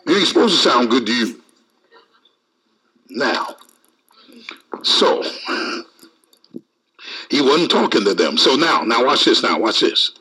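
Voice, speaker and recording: A man's voice: medium pitch, takes it slowly, pauses often, slightly rough, low-quality recording. A man preaching a sermon, reading scripture aloud and calling out to the congregation. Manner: lively preaching with call-outs and scripture reading.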